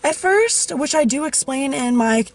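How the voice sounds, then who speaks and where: Woman vlogger, slightly high voice, casual emotional storytelling, tearful at times. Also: animated, a little slow, no echo, rough recording. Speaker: YouTube vlogger.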